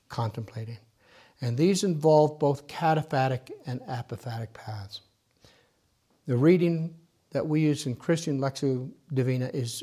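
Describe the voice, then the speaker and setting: A man guides a small group through prayer meditation. His voice sits at an ordinary pitch, gentle and teacherly. Now and then he drops to a near whisper as he leads the listeners inward. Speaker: meditation leader.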